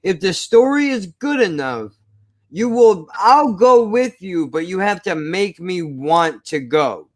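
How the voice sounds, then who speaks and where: Guy co-hosting over a video call, keeps saying dude and bro, fairly high voice. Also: slow, no room sound, studio quality. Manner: excitable, peppers talk with "dude" and "bro". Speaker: podcast co-host. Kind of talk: casual chat.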